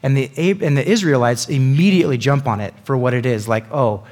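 A man teaching a Bible passage in a relaxed, chatty way. His pitch sits in the middle for a man, and he keeps tossing quick asides to his listeners. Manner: chatty, lots of "like" and "right?" asides.

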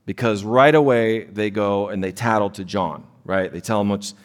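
A pastor in his thirties preaches a sermon in a church sanctuary with a fairly low voice at a moderate pace. He's conversational and self-deprecating, often tossing in "right?" asides. Long hall reverb fills the recording.

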